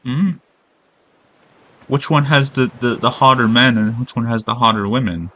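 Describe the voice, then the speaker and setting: A man's voice: mid-range voice, moderate pace, sharp tone, poor audio. A man streaming a video game, rambling in casual commentary with sarcastic jokes and frequent swearing.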